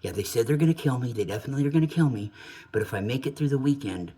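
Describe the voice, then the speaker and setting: A man imitating a frantic, panicking man in a high, breathless, pleading voice. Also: lively intonation, very fast, mellow, breathy edge. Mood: panicked.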